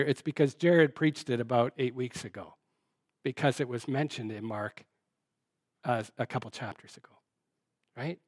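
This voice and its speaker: A man's voice: mid-range voice, dry recording, studio quality. A man preaching a sermon in an earnest, conversational way, posing rhetorical questions and often restarting his sentences. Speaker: pastor.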